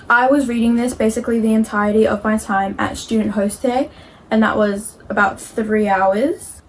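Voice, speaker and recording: A woman's voice: a little high, slight background noise, poor audio. A teenage girl chatting casually in a reading vlog, gushing and dramatic about a book. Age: teens. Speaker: reading vlogger.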